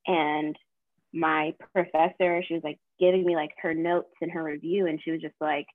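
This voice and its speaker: A young woman from the American South talks through a casual podcast chat, her voice sitting a little low. She strings her thoughts together with constant fillers and animated retold quotes. The sound is thin and phone-like, with no room around it. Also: normal speed, dry recording. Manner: chatty, fillers, lively retelling of quotes. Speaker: podcast co-host; counseling graduate student.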